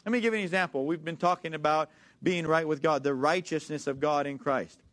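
High-voiced man preaching emphatically. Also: steady tone, fairly bright tone. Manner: emphatic, repeats key phrases, slows to read scripture; calls for congregation responses. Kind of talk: sermon.

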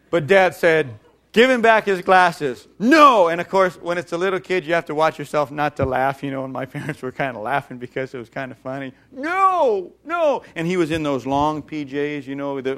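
A middle-aged male pastor preaching a sermon, telling funny family stories with animated voices and frequent chuckles. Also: medium pitch. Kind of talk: sermon with storytelling.

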